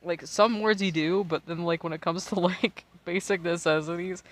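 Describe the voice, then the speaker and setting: A man's voice: high-pitched, moderate pace, fairly bright tone, no echo. An American man in his twenties, tipsy and rambling in casual, profane chat while streaming a game, laughing often. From United States. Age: 20s.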